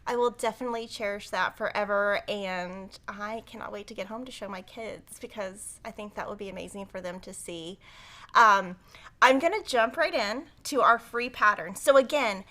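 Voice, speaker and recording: A middle-aged woman hosting a quilting livestream in a chatty, excitable way, with lots of "um" and "like" as she talks. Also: mid-range voice, moderate pace. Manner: chatty and excitable, with many "um" and "like" fillers. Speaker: host of a quilt shop livestream. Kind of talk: casual live-stream chat and quilting tutorial.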